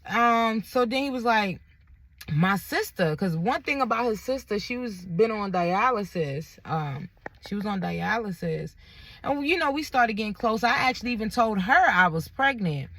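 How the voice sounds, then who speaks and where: A woman's voice: mid-range voice, animated, moderate pace, a bit bright. A young woman, candidly retelling a personal story in a vlog, with lots of quoted dialogue and blunt language.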